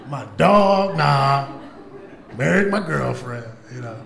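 A man doing a loud, animated stand-up comedy set in a club, with profanity and crowd work. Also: high-pitched, normal speed, gravelly. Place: comedy club stage before a live audience. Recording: echoey club with audience laughter.

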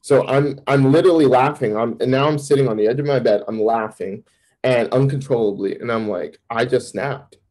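A man, a campus minister, giving a candid personal testimony in an interview, telling it vividly with sudden jumps in pitch. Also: brisk, a little mellow, low-quality recording.

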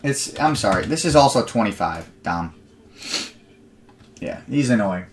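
A man's voice: on the low side, animated, a little slow. Chatty man hosting a card break. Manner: rambling, chatty storytelling between picks. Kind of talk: live card break stream chat.

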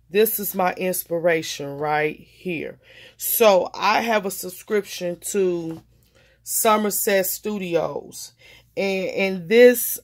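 Slow, low-voiced woman crafter gushing. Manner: gushing, emotional, folksy. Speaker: crafting vlogger. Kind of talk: casual show-and-tell.

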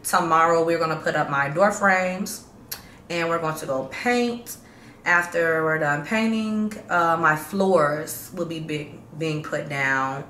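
A woman's voice: sits low, slow pace, bright, forceful tone. A woman from Chicago talking casually to her viewers in a slangy, chatty vlog update that gets hyped up. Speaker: vlogger. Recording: roomy echo, faint background hum.

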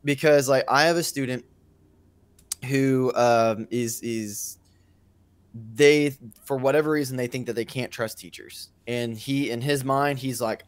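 A man's voice: mid-range voice, fairly even intonation, unhurried, clear, resonant tone, no echo. A man talking through a classroom example in a casual podcast discussion, thoughtful with frequent restarts. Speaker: teacher and podcast co-host.

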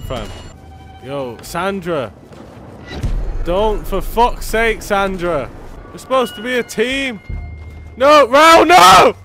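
Young guy yelling over his game, high voice, slow drawl, game music behind. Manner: loud, swearing, slangy, yelling when scared. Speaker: gaming streamer. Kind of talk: excited gameplay commentary.

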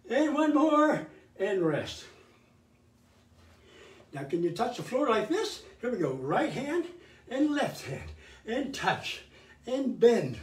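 High, lively older man coaching a workout. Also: far from the mic. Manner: energetic, cheering coaching with counted cues. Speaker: fitness show host. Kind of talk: live workout instruction. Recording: roomy sound from away from the mic.

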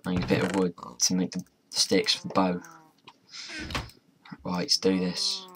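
A man's voice: deep voice, completely flat delivery, a little slow, background noise. A young man commentating as he plays a modded game, chatty and muttering to himself, with mild swearing along the way. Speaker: gamer. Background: faint keyboard and mouse clicks.

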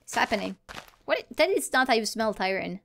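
Playful, bright-voiced woman gamer. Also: fairly high pitch, very animated, a little fast, creaky. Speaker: gamer recording a let's play. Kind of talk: casual gameplay chat.

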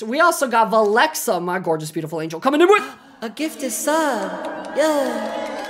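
A young woman streaming a horror game, swearing freely and breaking into yells and laughter as she talks to her chat. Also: medium pitch, slight background noise. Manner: loud, swearing, bursts into yelling and laughter. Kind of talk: live gameplay commentary.

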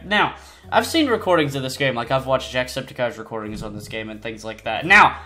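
A man casually commenting on his own gameplay. He rambles, pokes fun at himself and breaks into sudden excited squeals. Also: mid-range voice, normal speed. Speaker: gaming channel host. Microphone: desk mic, no face cam. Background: faint game music.

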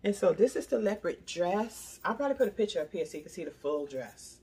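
A woman's voice: lowish voice, big pitch swings, brisk, dark tone, slightly rough. An older woman chatting casually through a product review, talking straight to her viewers and often repeating herself. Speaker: beauty product vlogger.

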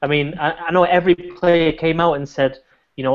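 A man's voice: on the high side, fairly even intonation, fairly quick. A man co-hosting a casual discussion, laughing often and hedging with repeated restarts. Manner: laughs often and hedges with 'I think' and 'you know'. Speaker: podcast co-host. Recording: dull lo-fi recording.

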